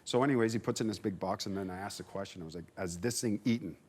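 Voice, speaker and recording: A man in his forties, a former player on a sports panel, telling a lively anecdote and acting out the voices of the people in it. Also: lowish voice, racing, husky. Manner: animated anecdote teller, acts out dialogue. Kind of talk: casual storytelling on a sports panel.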